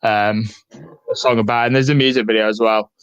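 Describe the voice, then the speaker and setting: A man's voice: mid-range voice, flat delivery, fast talker, a bit bright, smooth, no room sound, lo-fi sound. A man co-hosting a casual podcast, laughing often and steering the conversation between topics. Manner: laughs often, keeps the show on track. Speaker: podcast co-host. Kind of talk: casual chat, steering the show.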